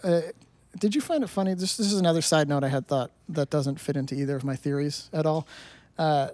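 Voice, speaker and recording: A man with a notably high voice chats casually on a podcast, rambling through his points with restarts and repeated words. The sound is close and dry, with almost no room around it. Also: a little fast, darkish tone, dry recording. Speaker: podcast co-host. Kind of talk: casual podcast chat about movies.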